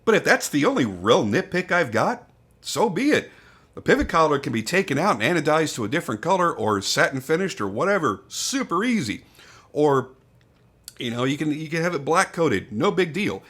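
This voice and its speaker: A man's voice: on the high side, very animated, moderate pace, a bit bright, slightly rough. Candid older man reviewing a knife. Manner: candid, swears, thinks aloud with restarts. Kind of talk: casual product review.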